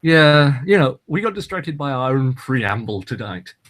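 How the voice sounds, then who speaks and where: A man's voice: mid-range voice, very animated, measured pace, a bit bright. A man co-hosting a casual podcast chat, teasing his co-host in a dry way.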